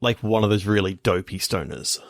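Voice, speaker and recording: A man co-hosting a podcast, casually pitching story ideas in loose, halting phrases. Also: dry recording, clean studio sound. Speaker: podcast co-host. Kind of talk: casual brainstorming chat.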